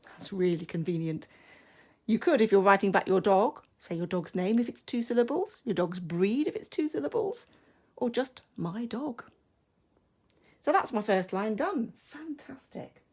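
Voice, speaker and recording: An English woman teaching a primary school class, thinking aloud slowly and carefully as she writes, in a recorded online lesson. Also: a little high, darkish tone, husky. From England. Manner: slow, careful, thinking aloud while writing.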